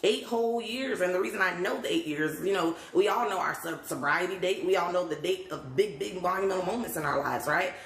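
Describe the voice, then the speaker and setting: A woman's voice: on the low side, a little fast, hardly any pauses, a little hiss or hum. Woman live-streaming from her phone, chatty and laughing, echoey room. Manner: chatty, laughs often, greets viewers. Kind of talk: casual livestream chat. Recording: roomy echo.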